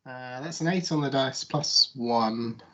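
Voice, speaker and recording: A man's voice: medium pitch, a little slow, very noisy. A man playing a tabletop game, hesitantly describing what his character does. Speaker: player. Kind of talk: casual tabletop play. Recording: dull lo-fi audio.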